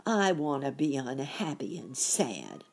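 A woman's voice: very deep voice, very animated, takes it slowly, a little mellow, slightly rough, exaggerated voice. A woman voicing a gloomy male pessimist creature from a storybook, growling and sulky.

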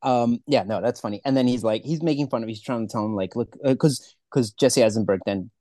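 A man co-hosting a podcast, chatting casually in a fast, profane, rambling way. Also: mid-range voice, dark tone, no echo, clean studio sound. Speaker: podcast co-host. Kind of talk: casual chat.

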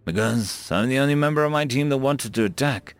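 A man voicing a calm, courteous male mage who speaks formally and takes defeat well. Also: mid-range voice, fairly quick, no room sound, natural voice. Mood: polite.

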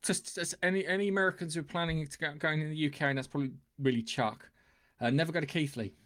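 A man's voice: a little high, fast talker. A man from England co-hosting a podcast, chatting casually with frequent swearing and jokes. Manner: swears freely, animated and joking. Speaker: podcast co-host. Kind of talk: casual chat.

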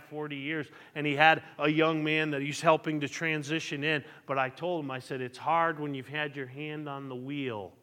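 In a church sanctuary with long reverb, a male pastor preaches a sermon in a bright, forceful voice on the high side. His fervor rises as he asks the congregation call-and-response questions, repeating words and restarting with stammers.

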